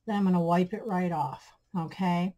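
A woman talks viewers through a DIY craft project in a slightly low voice. She is chatty, keeps calling her audience guys and friends, and gushes over how pretty everything turns out. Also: fairly even intonation, normal speed, noisy background. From Michigan, USA. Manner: gushing about her projects. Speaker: craft channel host.

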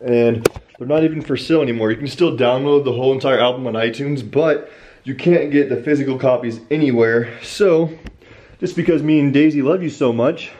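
A man chatting casually and upbeat to his viewers in a home vlog, switching to a high sing-song praise voice for his puppy. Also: a little fast, a little mellow, lo-fi sound, slight background noise. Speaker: vlogger.

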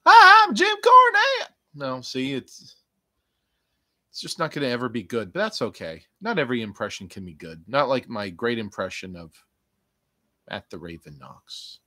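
Man, podcast host, casual review show, rambling, joking, profane, bright voice, lively pitch. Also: normal speed, no room sound, clean studio sound. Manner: rambling, jokey, profane, with playful bursts.

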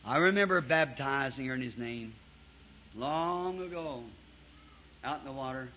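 A man preaching to a congregation, telling folksy stories with chuckles in a lively way, on a dull old tape recording. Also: mid-range voice, unhurried, a little hiss or hum. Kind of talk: storytelling sermon. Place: church before a congregation.

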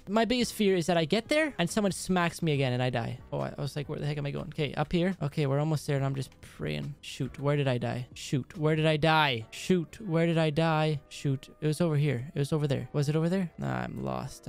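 A man hosting a let's play, talking through his game, swinging from frustrated yelling to quiet muttering. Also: fairly high pitch, gravelly. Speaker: gaming channel host. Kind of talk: let's play gameplay commentary. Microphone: headset or desk mic.

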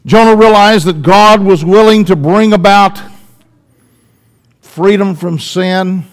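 A man preaching a sermon in church, swinging between loud emphatic lines and hushed, drawn-out ones. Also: high-pitched.

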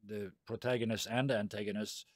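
A man's voice: on the low side, fairly even intonation, fairly quick, no echo, clean studio sound. A man running a tabletop game, casually explaining the rules in a rambling way and laughing often. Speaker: game master.

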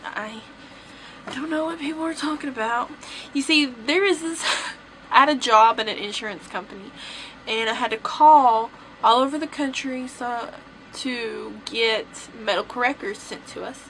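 A woman's voice: a little high, unhurried, fairly bright tone, slight background noise, poor audio. A young woman with a Tennessee accent, chatting casually to her vlog camera in a rambling way, breaking into laughs. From southern United States. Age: young adult. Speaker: vlogger.

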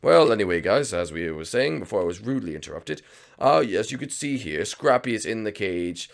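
A man's voice: on the low side, big pitch swings, brisk, gravelly. A man voicing a scheming male reptile villain professor, gloating and theatrical, for a game roleplay.

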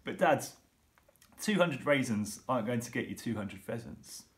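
A man reading aloud and voicing an eager young boy who keeps asking pleading, quick questions. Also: medium pitch, expressive, lightly acted. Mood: doubtful.

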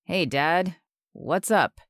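A woman voicing a confident, tender young man in love, speaking low and softly. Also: drawn-out words, no echo, clean studio sound.

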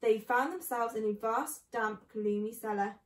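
Brief: woman storyteller reading a children's book aloud, high voice, echoey room. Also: a little slow, far from the mic. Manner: expressive.

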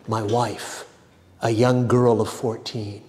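A man voicing a proud, haughty high-caste husband with a clipped delivery, read aloud in a reverberant hall. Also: flat delivery, slow pace, a little mellow, slight background noise. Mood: desperate.

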